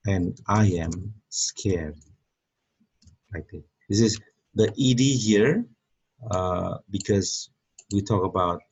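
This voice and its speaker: Slow, gravelly man teaching English. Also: deep voice, a little mellow, highs cut off. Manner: slow, repeats words, many fillers. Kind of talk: online grammar lesson.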